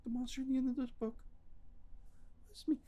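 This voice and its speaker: Grover, the squeaky begging monster. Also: male voice, little pitch movement, brisk, warm tone. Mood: pleading panic. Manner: begging, panicky, high squeaky. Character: frantic pleading furry blue male monster.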